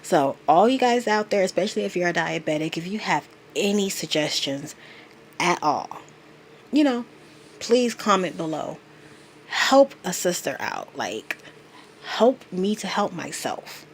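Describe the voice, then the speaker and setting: Woman, 30s, lowish voice, unhurried and heartfelt vlog confession. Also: very animated, slight background noise. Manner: earnest, confiding, emotional. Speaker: vlogger.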